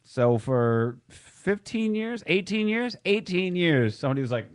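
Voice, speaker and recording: A man's voice: high-pitched, sing-song, unhurried, few pauses. A man in casual podcast banter who chimes in with dry remarks and reads facts aloud.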